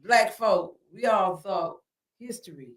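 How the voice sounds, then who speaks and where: Slow emphatic woman, echoey room. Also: medium pitch. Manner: slow, emphatic, preacherly, repeats lines for stress. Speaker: alderwoman and podcast host. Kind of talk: casual podcast interview. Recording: echoey room, far from the mic.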